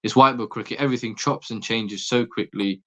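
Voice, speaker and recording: A man's voice: mid-range voice, fairly even intonation, sharp tone. A man talking sport as a podcast guest, opinionated and stumbling over his words in casual chat. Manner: opinionated, quick restarts and stammers. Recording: dull lo-fi sound.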